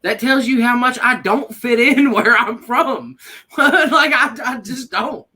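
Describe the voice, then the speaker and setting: A man's voice: very high-pitched, slow pace, sharp tone, slightly rough. Profane Kentucky man telling stories. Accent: Kentucky Southern. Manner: profane, laughing storyteller. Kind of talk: casual chat.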